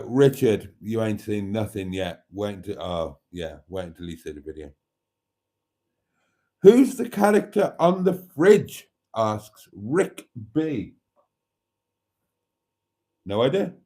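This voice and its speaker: A man's voice: fairly low pitch, very animated, takes it slowly, long pauses, mellow. A man hosting a casual livestream, reading out viewer comments and laughing heartily. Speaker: livestream host.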